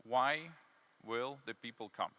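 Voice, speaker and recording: A man's voice: mid-range voice, slow pace, sharp tone. A man speaking on a conference panel as a city development consultant, emphatic, repeating key words, with many fillers. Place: conference hall.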